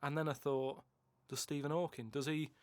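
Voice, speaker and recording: A man in casual podcast chat, explaining earnestly in halting speech, repeating words. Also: a little high, level tone, no echo. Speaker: podcast guest regular.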